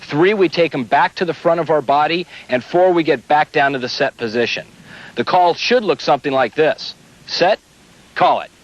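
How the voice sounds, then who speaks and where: Umpire instructor, male, slightly high, methodical delivery; muffled old video audio. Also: normal speed. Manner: steady, explains step by step. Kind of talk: instructional demonstration.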